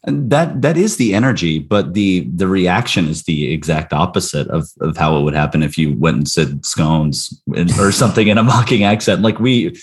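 A man's voice: sits low, moderate pace, few pauses, husky. An American man in a casual comedic chat, wry and sardonic with stumbling restarts. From United States.

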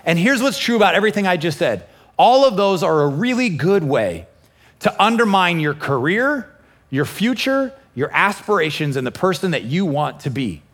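A pastor preaching a lively sermon, acting out inner voices and quoting scripture with feeling. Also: male voice, sits high, moderate pace. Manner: animated, acts out inner voices and quotes. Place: church, also streamed online.

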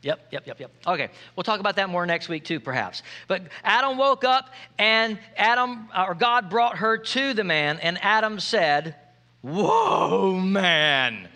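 A male pastor delivers a lively sermon, his voice high and ringing bright. He jokes freely with his congregation and keeps calling out for them to answer him. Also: normal speed, few pauses. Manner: playful, joking preacher who calls for audience responses.

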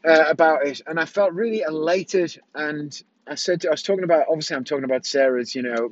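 A man's voice: medium pitch, dry recording. Man, vlogger, candid and rambling, earphone mic, slightly muffled dry sound. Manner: rambling, candid, self-correcting. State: has the hiccups. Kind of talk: candid personal vlog.

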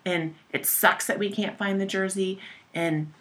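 A woman's voice: mid-range voice, steady tone, unhurried, a bit bright. A woman in her thirties co-hosting a podcast, telling a candid story about her kids with frank swearing and laughing at herself. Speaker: podcast co-host. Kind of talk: casual chat.

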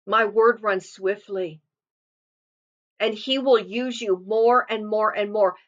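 A woman preaching a sermon, earnestly quoting and explaining scripture with emphatic delivery. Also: medium pitch. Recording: muffled lo-fi recording.

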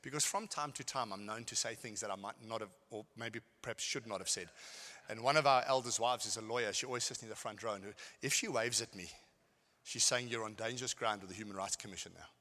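A middle-aged man preaching a sermon, telling stories and swinging between shouted lines and quiet asides. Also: mid-range voice, brisk. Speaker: pastor. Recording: hall with long reverb.

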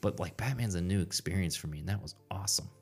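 A man with a low voice talks eagerly about the films he loved. He speaks in a casual, friendly way and keeps asking his co-host what he thinks. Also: fast, a little mellow, slightly rough. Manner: enthusiastic, asks his co-host questions. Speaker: podcast co-host. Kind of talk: casual chat.

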